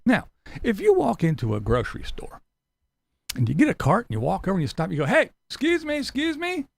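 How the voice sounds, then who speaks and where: A man's voice: on the high side, wildly swooping pitch, fast talker, gravelly, a little mellow, breathy edge, no room sound. A middle-aged man hosting a commentary channel, talking in a blunt, profane, mocking rant and acting out silly voices. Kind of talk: ranting commentary vlog.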